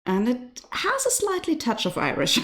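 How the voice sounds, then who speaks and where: A woman's voice: fairly high pitch, huge pitch swings, moderate pace, a bit bright. A woman from Germany with a German accent, hosting a casual knitting live stream from her home and chatting with viewers, laughing often. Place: home in rural west Ireland.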